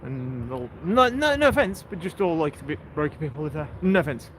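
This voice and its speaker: A man's voice: on the high side, expressive, fairly quick, a bit bright. A man hosting a casual walking livestream outdoors, chatting and joking and greeting passersby along the way. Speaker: livestream host. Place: outdoors on a coastal town street. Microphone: handheld phone while walking. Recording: outdoor street noise. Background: street ambience and passing vehicles.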